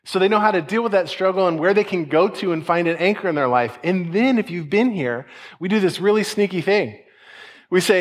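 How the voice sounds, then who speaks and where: Casting: man, forties, relaxed pastor, slightly high voice, chatty sermon delivery. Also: a little fast. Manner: conversational, folksy, with asides and quoted voices.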